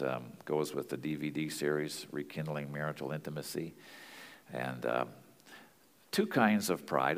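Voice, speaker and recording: A man's voice: very deep voice, big-room sound. A man teaching as a pastor and marriage counselor, earnest and plain-spoken in a conversational way.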